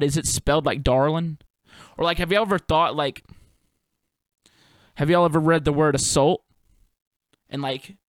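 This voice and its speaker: A man's voice: fairly high pitch, no room sound, studio quality. A young man hosting a solo podcast, musing in a loose, profane, laid-back way full of slang and fillers. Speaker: podcast host and touring performer. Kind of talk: rambling solo podcast monologue.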